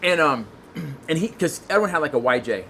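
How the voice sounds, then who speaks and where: Excitable rambling male podcast guest, slightly high pitch, light background noise. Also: normal speed. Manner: excitable, rambling, many restarts. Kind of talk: casual storytelling chat.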